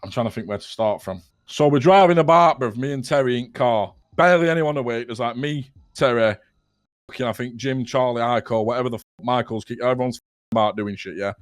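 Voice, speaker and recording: A man's voice: mid-range voice, fairly quick, dry recording. A young man telling a rambling, sweary story to friends, laughing as he goes. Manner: rambling, swears a lot, keeps laughing at his own story. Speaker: roleplay player telling a story. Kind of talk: casual in-character storytelling.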